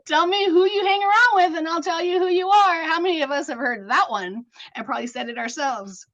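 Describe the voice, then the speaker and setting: High-voiced woman presenting over a video call. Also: brisk, highs cut off. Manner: warm, laughing often, mixing in Spanish sayings. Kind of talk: online talk with a poem reading.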